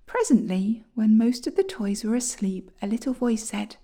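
A woman reading a children's storybook aloud, gentle and often near a whisper. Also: a little high, lively intonation, moderate pace, few pauses, husky.

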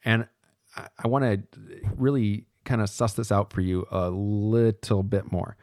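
A man's voice: fairly low pitch, fairly even intonation, a little slow, darkish tone, dry recording, studio quality. A man giving a podcast lecture in a casual, thinking-aloud way, correcting himself as he goes.

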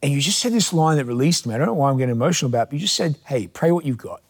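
A man's voice: a little high, lively intonation, rapid-fire, husky. Reflective young man hosting. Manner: reflective, heartfelt, with hesitations. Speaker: podcast host and pastor. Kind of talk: casual conversational interview.

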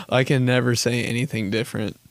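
A man's voice: mid-range voice, vocal fry, no echo. Rambling, profane young guy. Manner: rambling, profane, self-mocking, full of "like" and laughter. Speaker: podcast host. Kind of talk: casual comedic storytelling.

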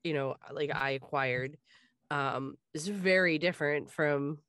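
A woman's voice: deep voice, a little slow, a bit bright, dry recording, studio quality. A woman from the Richmond area talking casually as a podcast co-host, rambling with lots of fillers and restarts. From Richmond area, Virginia. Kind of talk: casual chat.

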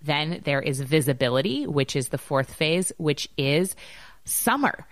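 Bubbly low-voiced woman podcast host. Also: lively intonation, a little slow, dry recording. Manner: bubbly, upbeat and chatty. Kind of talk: casual podcast chat. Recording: dry close recording.

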